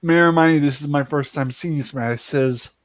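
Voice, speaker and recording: A man's voice: fairly high pitch, fairly quick, dry recording. A man from Ireland telling a rambling, laughing anecdote as a livestream host, acting out the voices in it. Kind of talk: casual storytelling on a livestream.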